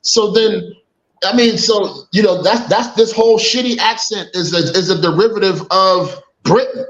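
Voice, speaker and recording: Brief: emphatic co-host, man with a slightly high voice, roomy echo. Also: normal speed, dull audio. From Boston area. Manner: animated, emphatic, swearing, laughing often. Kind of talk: casual podcast chat.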